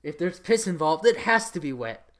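At a moderate pace and in a mid-range voice with big pitch swings, an adult reads titles from a list for comic effect. The mock-serious reading keeps dissolving into laughter and now and then turns into an announcer voice.

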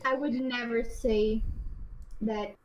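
A woman's voice: on the high side, steady tone, slow pace, lo-fi sound. A woman in a casual gaming voice chat who talks bluntly, teases and laughs often. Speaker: voice chat participant.

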